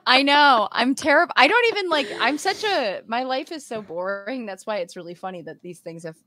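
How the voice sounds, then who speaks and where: Lively, animated woman chatting on a podcast. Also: a little high, fairly quick, dry recording. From Los Angeles, California. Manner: animated storytelling, acting out quotes with laughter. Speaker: guest host. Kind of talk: casual podcast chat.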